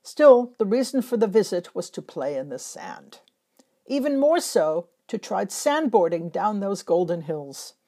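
A woman from Northern Europe, a travel photographer, narrating her travel memories in a measured, reflective way. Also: mid-range voice, sing-song, dark tone. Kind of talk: scripted first-person travel narration.

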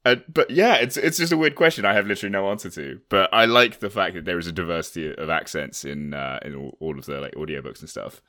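A man's voice: sits low, fast, few pauses, pushed and bright. A young man co-hosting a casual hobby podcast, talking animatedly with many fillers and frequent laughs. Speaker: podcast co-host. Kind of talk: casual chat.

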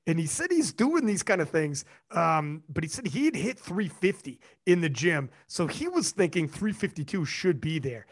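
A man's voice: fairly high pitch, normal speed, few pauses. A young man hosting a casual podcast chat, telling stories with energy and swearing freely. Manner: animated storyteller, swears freely, quotes others. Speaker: podcast host.

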